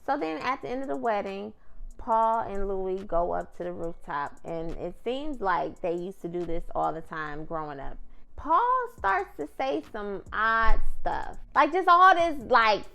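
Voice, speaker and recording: A woman's voice: medium pitch, expressive, a little slow, gravelly, bright, forceful tone. A woman casually recapping a TV episode in a chatty, slangy way, often calling her viewer "girl". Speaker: TV recap vlogger.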